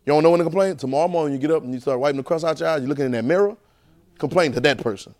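A man preaching a sermon to a class at a church training center, animated and repetitive, firing rhetorical questions. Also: on the high side, racing.

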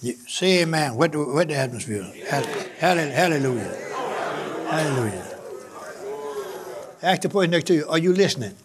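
A man's voice: fairly high pitch, animated, normal speed, pauses often, a crowd in the background. A male pastor, preaching a sermon that swells in emphasis, with repetition and calls out to the congregation.

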